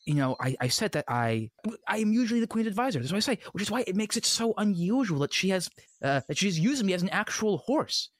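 A man's voice: high-pitched, sing-song, fast talker, no room sound, clean studio sound. A man playing a horse who serves as the queen's advisor. He rambles and stammers in an improvised comedy play. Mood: scheming.

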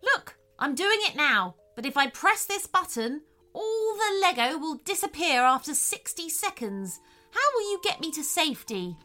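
A woman's voice: sits high, big pitch swings, moderate pace, voice pushed up, heavily acted. A woman reading a children's story, voicing a desperate male villain professor who wails in panic. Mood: panicky. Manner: wailing, panicky, loud.

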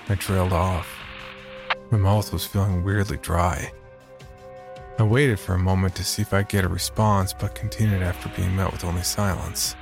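A man reading a first-person horror story in a measured, low-key scripted narration. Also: steady tone, creaky, faint music behind.

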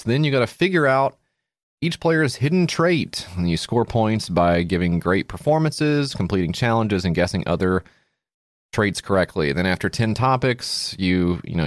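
A man's voice: low voice, no room sound, clean studio sound. A man co-hosting a comedy podcast, reading game cards aloud with crude, sarcastic commentary. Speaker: podcast co-host.

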